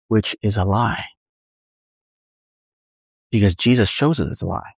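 A man's voice: mid-range voice, lively intonation, normal speed, pauses often, no room sound, clean studio sound. A man preaching a conversational sermon, earnest, acting out the inner voices of his listeners.

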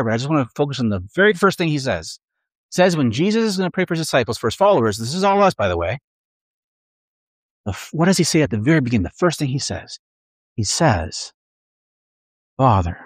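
A middle-aged man preaching a sermon in a conversational, animated way, acting out inner voices. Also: medium pitch, no room sound, clean studio sound. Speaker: pastor.

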